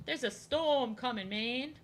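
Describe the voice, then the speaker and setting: A woman's voice: a little high, a little slow, slight background noise. A young woman streaming from home, rambling and joking as she draws, often repeating herself. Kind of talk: casual chat while drawing. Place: home, indoors.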